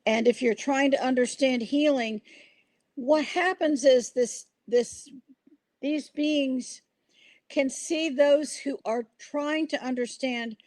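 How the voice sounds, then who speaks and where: An older woman hosts a casual podcast, telling stories earnestly and rambling, often restarting her sentences. Her voice sits high and a little mellow, and she speaks slowly. The recording has no echo.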